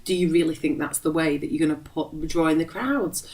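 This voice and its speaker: Lively English woman telling a story. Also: deep voice, a little fast. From England. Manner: animated, laughs often, acts out quoted voices. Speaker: podcast co-host. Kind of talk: casual storytelling chat.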